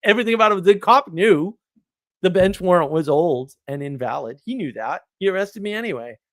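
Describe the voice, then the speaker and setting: A man, telling a story on a live stream in an animated, indignant way. He laughs often and repeats words. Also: sits high, brisk, no room sound. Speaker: podcast host.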